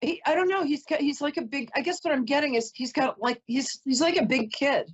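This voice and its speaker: A woman's voice: high voice, a little fast, dull audio. A woman giving a live call-in psychic reading, chatty and emotional, often breaking off to apologize. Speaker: psychic reader.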